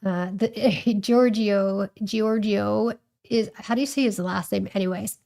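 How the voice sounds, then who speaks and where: A woman's voice: medium pitch, fairly even intonation, a little slow, gravelly, warm tone. Woman livestream host, rambling casual commentary, full of fillers and restarts. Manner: chatty, rambling, thinks aloud with fillers.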